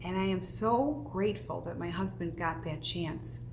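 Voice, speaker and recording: A woman's voice: lowish voice, moderate pace, a little hiss or hum. A middle-aged woman, a psychic medium, talking casually to the camera in an earnest storytelling manner, asking questions and answering them herself.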